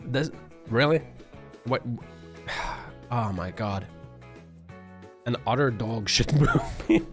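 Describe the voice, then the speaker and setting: A man's voice: mid-range voice, slow pace, faint music behind. A man streaming, giving an exasperated, profanity-laden rant full of filler words and bursts of laughter. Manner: laughs often mid-sentence. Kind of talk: casual livestream commentary.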